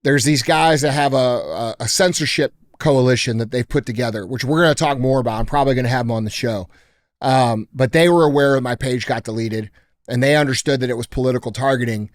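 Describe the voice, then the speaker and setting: Blunt, profane podcast host. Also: male voice, medium pitch, a little fast. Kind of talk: casual podcast storytelling. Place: podcast studio.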